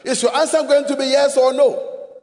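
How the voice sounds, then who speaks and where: A Ghanaian man preaching a sermon, emphatic, repeating rhetorical questions and rising to shouts. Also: very high voice, fairly even intonation, moderate pace, long reverb tail.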